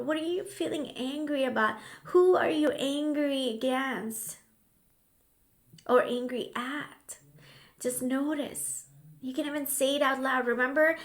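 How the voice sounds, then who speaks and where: A woman guiding a grief tapping session in a slow, soothing voice, now and then dropping to a soft whisper. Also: high voice, roomy sound. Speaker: healing coach.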